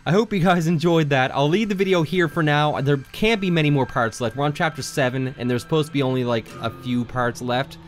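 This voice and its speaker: A man's voice: fairly high pitch, fairly quick, few pauses. A man hosting a horror game let's play, jittery and joking nervously, with frequent swearing. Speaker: gaming channel host. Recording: game music loud behind the voice. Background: game music.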